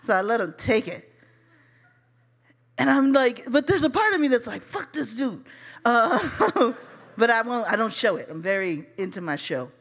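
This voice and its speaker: A woman from Chicago telling a personal story live, animated and profane, calling her listeners y'all. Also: a little high, moderate pace.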